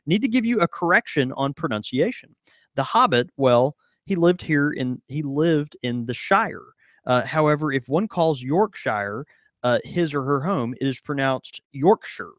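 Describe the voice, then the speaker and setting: A man's voice: on the high side, animated, a little slow, no room sound, clean studio sound. A man from the American South co-hosting a podcast in an easygoing way, often laughing as he talks. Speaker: podcast co-host. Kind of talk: casual chat.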